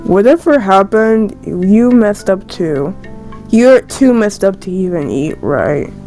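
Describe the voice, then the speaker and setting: A woman voicing a grumpy young male rabbit in a dating game, scolding slowly and firmly. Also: medium pitch, big pitch swings, warm tone, faint music behind. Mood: grumbling. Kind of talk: game dialogue read aloud.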